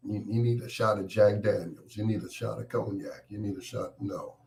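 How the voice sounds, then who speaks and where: A man's voice: lowish voice, fairly even intonation, moderate pace, gravelly, darkish tone, slight background noise. A man hosting a late-night radio show with a cold, chatting and joking with listeners by name. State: has a cold, congested voice. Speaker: radio host.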